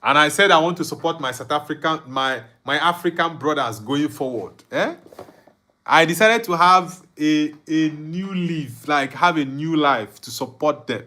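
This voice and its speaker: A man's voice: on the high side, expressive, unhurried, pushed and bright. A young Nigerian man hosting a live football watchalong, reading viewer comments aloud and bantering with frequent laughs. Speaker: livestream host.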